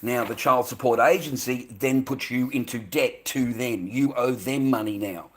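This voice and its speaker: Swearing and angry, an Australian man delivers a ranting monologue to camera as a vlogger, repeating himself and stumbling as he goes. The pitch is medium and the pace moderate.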